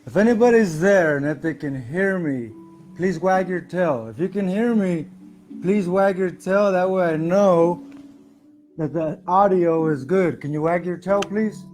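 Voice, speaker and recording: A man's voice: high voice, measured pace, a little mellow. A man hosting a casual spiritual livestream from home, talking loosely and chatting with his viewers. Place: home, music playing softly behind. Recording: faint music in background.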